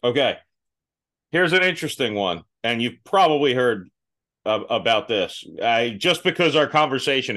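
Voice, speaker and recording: Animated, laughing male podcast host. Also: moderate pace. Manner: animated, laughs often, swears, mimics people in high put-on voices. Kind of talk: casual podcast chat.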